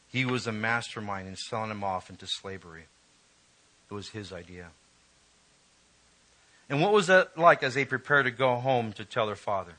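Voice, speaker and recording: A male preacher giving an emotional, emphatic sermon, reading scripture and rising in pitch when stirred. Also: bright, forceful tone, rough recording.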